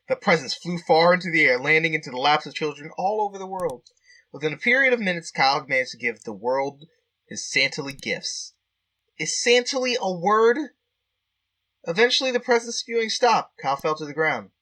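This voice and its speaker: A man plays through a text adventure game, reading the story aloud in a flat, dry way, then breaking off with startled reactions. His voice sits a little high and sounds bright, and his pitch swings widely. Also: a little fast. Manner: animated, jumps between deadpan reading and shocked outbursts. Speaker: game player and reader.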